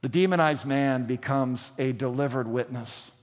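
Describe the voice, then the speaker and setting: A man's voice: medium pitch, normal speed, long reverb tail. A man preaching a sermon, asking rhetorical questions and retelling scenes with dramatic emphasis. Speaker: pastor.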